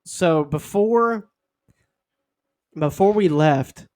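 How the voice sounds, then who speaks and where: A man's voice: lively intonation, very slow, a little mellow. A young man co-hosting a podcast, telling a rambling, jokey story in casual chat. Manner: rambling, jokey, acts out quotes in a high squeaky voice. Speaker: podcast co-host.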